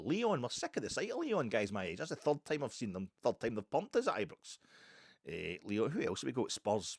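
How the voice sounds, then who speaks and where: A Scottish man from Ayrshire rattles through a solo football chat at a quick clip, his voice sitting fairly low. He wanders into animated asides and restarts often. The recording is close and dry, with no room sound. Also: slightly rough, no echo. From Ayrshire, Scotland. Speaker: football podcast host.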